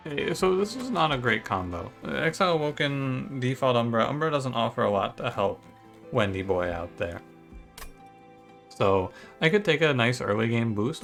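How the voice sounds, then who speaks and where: A man with a Michigan accent and a medium-pitched, slightly bright voice starts a let's-play video for his gaming YouTube channel. He chats casually, thinking aloud as he goes.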